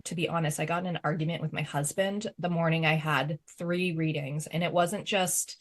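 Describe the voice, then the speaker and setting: Woman, podcast medium, low voice, casual chat, fillers and laughs. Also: fairly even intonation, moderate pace. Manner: chatty, laughs often, many fillers.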